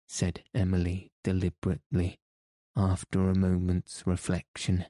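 A man narrating an audiobook in a measured, even reading voice. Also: low-pitched, dry recording.

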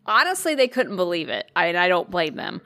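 A woman's voice: on the low side, sing-song, a little fast, sharp tone. A woman co-hosting a podcast, telling stories in a sweary, exasperated, casual way. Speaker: podcast co-host. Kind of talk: casual chat.

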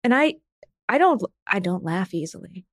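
A woman co-hosting a podcast in casual chat, frank and quick to laugh, swearing freely. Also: mid-range voice, big pitch swings, dry recording, clean studio sound. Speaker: podcast co-host.

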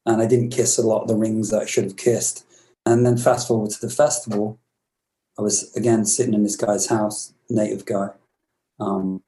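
A man's voice: lowish voice, mellow, low-quality recording. A man from Britain in his fifties, a musician guest telling long reflective stories in an interview, rambling with many restarts. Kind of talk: storytelling interview.

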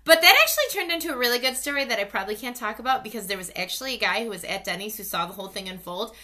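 A married woman in her thirties chatting casually, expressive and quick to exclaim, who tells her own story in turn. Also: on the high side, a crowd in the background. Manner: expressive, reacts with gasps and exclamations, swears. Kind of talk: casual chat.

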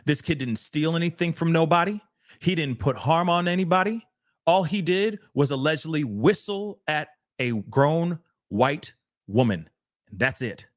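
A man's voice: on the high side, expressive, measured pace, dry recording, clean studio sound. A man co-hosting a casual talk show, speaking emphatically and repeating phrases for emphasis. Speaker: podcast co-host. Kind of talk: casual discussion.

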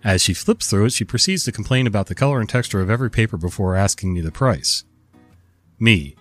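A man's voice: on the low side, lively intonation, fast, a bit bright, dry recording, soft background music. Nasal man reading a story. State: stuffy nose from a cold. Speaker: host.

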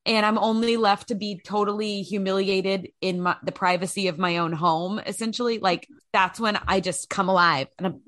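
A woman's voice: medium pitch, steady tone, moderate pace, hardly any pauses, a bit bright, no echo, studio quality. A young adult woman co-hosting a casual podcast chat, telling rambling, self-mocking stories about herself. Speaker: podcast co-host.

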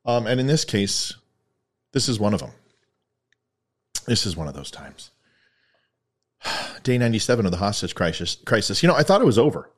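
A man's voice: fairly low pitch, sing-song, moderate pace, pauses often. A man hosting his own podcast, talking in a rambling, self-mocking, comedic way. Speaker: podcast host. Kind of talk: casual comedic commentary.

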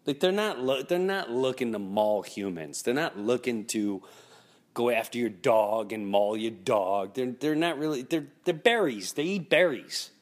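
A man's voice: mid-range voice, expressive, a little slow. A man hosting his own podcast, telling rambling stories casually and often restarting his sentences. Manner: rambling storyteller, restarts and acts out quotes. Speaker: podcast host. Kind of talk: casual solo podcast monologue.

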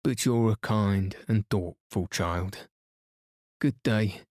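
A man voicing a small, gruff sand fairy who speaks courteously and briefly in a bedtime storybook reading. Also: fairly low pitch, slow, a little mellow, dry recording, clean studio sound. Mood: polite.

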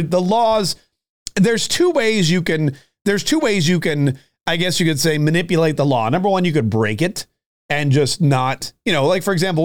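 A man delivering a political monologue in a fired-up, sarcastic way. His voice sits a little higher than most men's. He repeats himself as he builds each point. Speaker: political commentary host.

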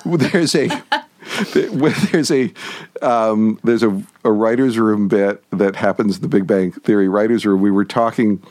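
Low-voiced man telling stories as a guest. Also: a little slow, darkish tone, no room sound. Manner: storytelling, with frequent restarts and repeated words. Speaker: guest, television writer and producer. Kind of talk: casual conversational interview.

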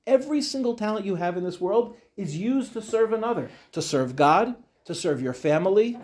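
A man's voice: sits high, animated, moderate pace, darkish tone. A man, a rabbi, teaching a Torah class to young women, talking animatedly with rhetorical questions and retold dialogues.

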